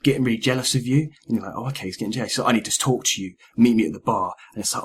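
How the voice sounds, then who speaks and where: A man's voice: mid-range voice, rapid-fire, few pauses, husky. A man chatting casually about video games on a podcast, acting out characters' lines as he goes. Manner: animated, acts out quoted lines. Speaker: podcast host. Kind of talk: casual gaming chat.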